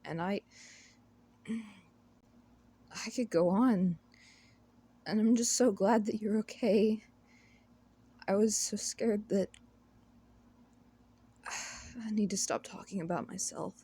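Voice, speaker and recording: Casting: a woman as a shy androgynous elf, whispered role-play, gravelly and mellow, stumbling over words. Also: on the low side, full character voice. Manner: hesitant, stammering, apologetic.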